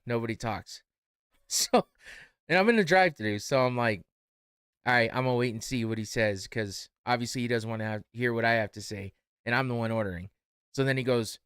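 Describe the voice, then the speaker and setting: A tired young man casually telling a story as a podcast host, animated and laughing as he acts out both sides of the exchange. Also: mid-range voice, clear, resonant tone, no room sound, clean studio sound.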